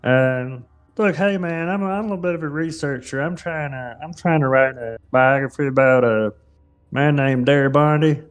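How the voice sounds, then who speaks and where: A man speaking in character as a player in a tabletop game, loud and playful. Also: on the high side, normal speed, smooth, pitched above the performer's own voice, natural voice. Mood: bold.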